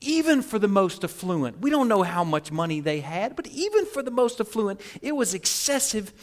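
A man preaching a sermon, storytelling animatedly and swinging from hushed to loud. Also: sits high, sing-song, normal speed. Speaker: pastor.

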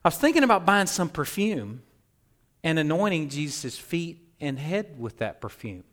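A man's voice: a little high, very animated, normal speed, a bit bright. A man voicing a hopeful, extravagant biblical woman who speaks tentatively in a sermon retelling.

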